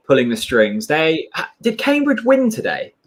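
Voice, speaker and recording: A man's voice: a little high, wildly swooping pitch, normal speed. Chatty man reading out comments. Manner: chatty, reads out viewer comments. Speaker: livestream co-host. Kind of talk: casual livestream chat.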